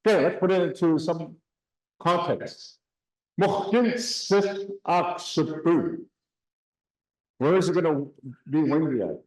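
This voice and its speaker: A man teaching a classroom language lesson. He speaks slowly, drills words and has the class repeat them. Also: fairly high pitch, lively intonation, darkish tone, echoey room, low-quality recording. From Canada.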